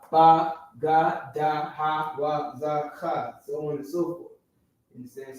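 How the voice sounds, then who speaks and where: A man teaching a class in a classroom, often stopping to check that his listeners follow. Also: a little high. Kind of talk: classroom lecture. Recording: very echoey room, distant from the mic.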